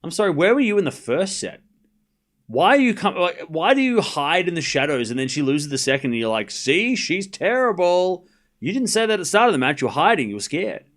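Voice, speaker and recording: Lively Australian man calling tennis. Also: fairly high pitch. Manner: quick-tempered, jokey back-and-forth with chat. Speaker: streamer calling a tennis match. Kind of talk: live stream play-by-play and chat banter.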